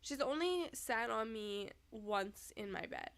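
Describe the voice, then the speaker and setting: A woman's voice: fairly high pitch, lively intonation, slow pace, gravelly, fairly bright tone, no echo. A young woman in casual chat to her viewers at home, sleepy and yawning, often giggling. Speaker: streamer. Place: indoors at home.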